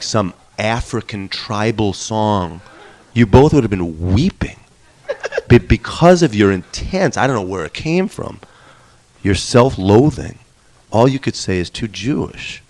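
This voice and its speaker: A man's voice: fairly low pitch, darkish tone. A middle-aged man telling a personal story in a wry, candid way, swearing now and then for emphasis. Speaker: musician and storyteller.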